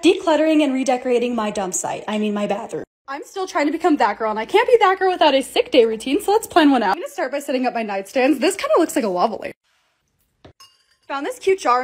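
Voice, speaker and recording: A woman's voice: high-pitched, big pitch swings, quick pace. A young woman narrating a casual lifestyle vlog, chatty, upbeat and poking fun at herself. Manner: chatty, upbeat, self-mocking. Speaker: lifestyle vlogger. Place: home bedroom and bathroom.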